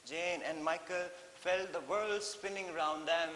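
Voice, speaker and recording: An Indian man teaching an English lesson in a classroom, explaining slowly and repeating phrases with frequent "okay?" checks. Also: on the high side, steady tone, a bit bright. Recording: echoey hall with faint hiss.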